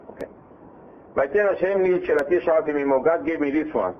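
A man teaching a Bible class, reading verses and translating them, retelling the story in a lively way with frequent self-repeats and restarts. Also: a little high, very fast. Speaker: Torah teacher. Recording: tinny phone-like line with faint hiss.

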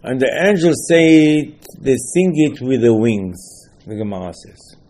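With a mid-range, expressive voice and a dark tone, a rabbi unhurriedly teaches an informal Torah lesson. He's loose and emphatic, echoing phrases and firing off rhetorical questions, and his English grammar is slightly broken.

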